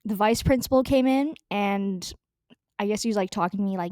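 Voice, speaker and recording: A woman's voice: medium pitch, brisk, a little mellow, dry recording, clean studio sound. A young woman telling a story in a casual, rambling way, full of fillers, restarts and swearing. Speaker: storytelling vlogger.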